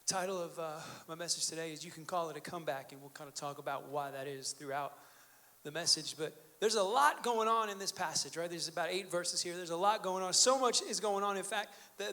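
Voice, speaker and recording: Chatty high-voiced man preaching. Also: bright, forceful tone. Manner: conversational, joking storytelling with fillers. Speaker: pastor. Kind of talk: sermon. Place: church sanctuary.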